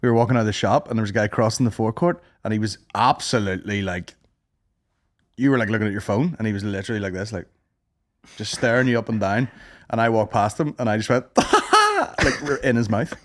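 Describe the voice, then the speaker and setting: A man's voice: fairly low pitch, fast. A young man, co-hosting a podcast with crude, joking banter. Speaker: podcast co-host. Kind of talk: casual chat.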